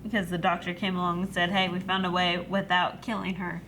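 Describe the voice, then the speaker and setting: A woman's voice: fairly low pitch, little pitch movement, a little fast, a bit bright, a little hiss or hum. A woman co-hosting a reaction video, explaining points in casual chat and laughing often.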